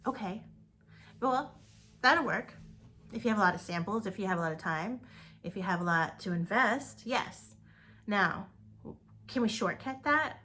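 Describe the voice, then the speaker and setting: A woman's voice: medium pitch, expressive, measured pace, long pauses, sharp tone, a little hiss or hum. A woman giving an upbeat motivational talk to her direct sales team, repeating words for emphasis.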